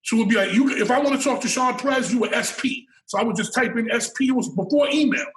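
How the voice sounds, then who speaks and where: A man's voice: very high voice, fast, fairly bright tone, recorded from a distance. A man as a podcast guest, telling stories in a casual interview, emphatic and profane, often repeating words as he builds a point. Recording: roomy and off-mic.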